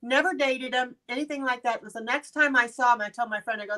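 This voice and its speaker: A woman in her fifties, chatting casually in a group and telling personal stories with lively quoted voices. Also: fairly high pitch, fast talker. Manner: storytelling, animated quoted voices. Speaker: participant.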